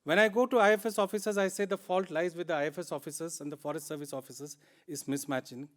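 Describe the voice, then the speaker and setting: A man's voice: a little high, steady tone, quick pace. A man with an Indian English accent giving a plenary conference talk, earnest and emphatic, repeating words for stress. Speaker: conference speaker.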